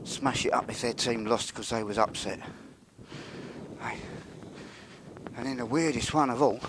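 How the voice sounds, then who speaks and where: A man's voice: medium pitch, a little slow. Chatty man walking outdoors. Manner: chatty, wry, drops to a mutter when sneaking. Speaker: vlogger walking and filming. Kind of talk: casual walking commentary. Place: outdoors by a railway yard. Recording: noisy outdoor recording.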